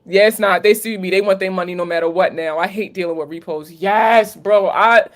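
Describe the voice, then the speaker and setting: This credit coach from Maryland, USA, hosts a casual livestream Q&A, answering viewer questions candidly with plenty of profanity and slang in her Maryland accent. Her voice sits at medium pitch, and she talks a little fast with hardly any pauses.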